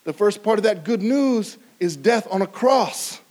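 A man preaching a sermon, with sudden rises in pitch and volume and drops to a quiet, low voice for emphasis. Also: expressive, a little slow. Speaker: pastor.

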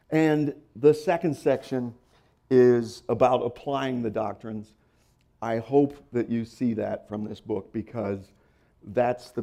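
A man's voice: a little high, mellow. A man preaching a sermon as pastor, teaching through a passage and reading scripture aloud with strong emphasis and the odd playful aside.

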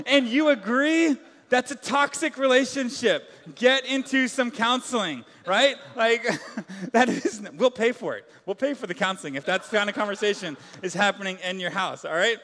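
A man's voice: very high-pitched, normal speed, fairly bright tone. A man preaching a sermon as pastor in a large church hall, casual and joking, full of filler words.

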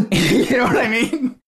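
A man's voice: extremely high pitch, big pitch swings, takes it slowly, breathy edge. A man co-hosting a podcast, talking casually and rambling with frequent restarts and casual swearing. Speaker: podcast co-host. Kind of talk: casual political podcast chat.

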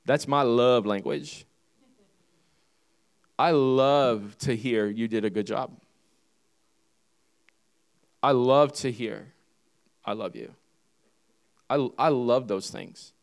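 Slow and pausing often, a man of medium pitch preaches as a pastor, reading scripture aloud. He is emphatic throughout, driving points home with repeated key phrases and questions to the congregation.

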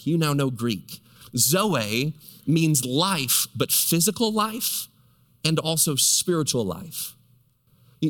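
Emphatic preacher in a reverberant hall. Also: male voice, mid-range voice. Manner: emphatic, rhetorical questions to the congregation; stretches key words slowly for emphasis. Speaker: pastor. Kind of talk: sermon.

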